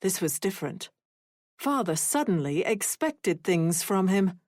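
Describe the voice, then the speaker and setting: A woman narrating an audiobook thriller in a measured, even storytelling manner. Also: lowish voice, no room sound, clean studio sound.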